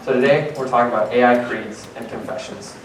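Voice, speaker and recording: A young man giving a prepared conference talk, earnest and a bit halting, with fillers between points. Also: mid-range voice, fairly even intonation. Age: young adult. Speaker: conference speaker. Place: conference hall. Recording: roomy, distant mic, faint noise.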